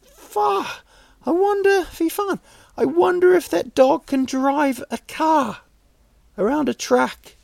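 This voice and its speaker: A man voicing an overexcited male TV viewer in a shrill, amazed squeal. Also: takes it slowly, vocal fry, darkish tone, dry recording, exaggerated voice.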